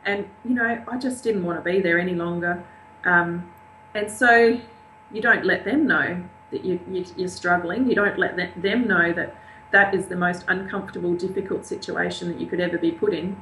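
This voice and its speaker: An older woman recounts a personal story as an interview guest. She speaks haltingly and with emotion, slipping into the voices of the people she quotes. The room around her is echoey, with a faint hum underneath. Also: fairly low pitch, fairly even intonation, fairly bright tone.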